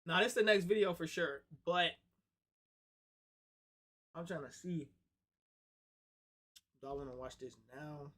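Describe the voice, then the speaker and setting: A man's voice: on the high side, lively intonation, slow pace, long pauses, a bit bright. A young man livestreaming in casual chat, blunt and profane, often breaking into laughs.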